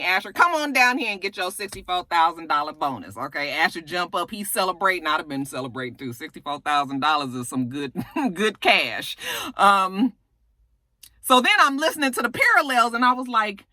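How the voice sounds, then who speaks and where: A woman recapping a TV episode in casual, slangy, profane talk, breaking into shrill exasperated outbursts. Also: very animated, moderate pace, bright, forceful tone, dry recording. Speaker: TV recap reviewer.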